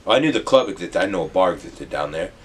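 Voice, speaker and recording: A young man from the US Midwest, telling a rambling, animated storytime with some swearing. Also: low-pitched, very fast, slightly rough. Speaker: vlogger. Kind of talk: casual storytime.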